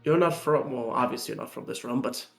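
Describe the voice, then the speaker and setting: A man playing a tabletop role-play speaks haltingly with many fillers. His voice is mid-pitched and rings in a roomy space, with faint music behind. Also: creaky. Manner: hesitant, laughing, many fillers. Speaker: player.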